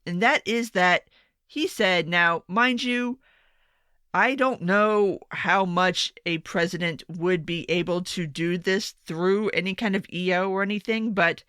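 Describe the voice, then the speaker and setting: Sarcastic young woman commentator, bright voice, dry close sound, casual rant delivery. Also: on the low side, unhurried, smooth, no echo. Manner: sarcastic, swearing, exasperated asides. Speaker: political commentator. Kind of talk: casual opinion monologue.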